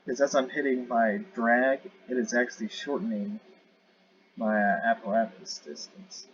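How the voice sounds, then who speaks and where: A man's voice: medium pitch, steady tone, normal speed. A man giving casual, rambling commentary while playing a space game, correcting himself and joking as he goes. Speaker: gamer showing a space game. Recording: dull lo-fi audio with clear noise.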